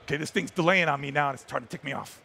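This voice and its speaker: A wildlife photographer giving an animated live storytelling talk on a trade-show stage, exclaiming dramatically. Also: male voice, on the high side, very fast, gravelly, breathy edge.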